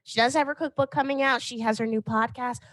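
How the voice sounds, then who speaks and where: A woman guesting on a podcast, chatting casually in an animated, opinionated way and acting out quotes. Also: a little high, fast, no room sound.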